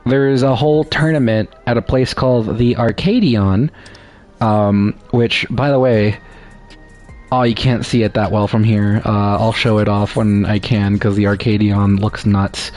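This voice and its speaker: A man's voice: fairly low pitch, steady tone, a little slow, a little mellow, soft background music. A man giving casual, rambling commentary while playing a game, joking at his own expense. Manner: rambling, self-deprecating, lots of fillers and restarts. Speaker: gaming streamer.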